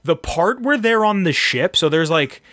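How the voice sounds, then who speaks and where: A man's voice: sits high, lively intonation, normal speed, sharp tone, no room sound. A man co-hosting a podcast, rambling casually and profanely about an old movie and acting out its lines. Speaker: podcast co-host. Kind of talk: casual movie review chat.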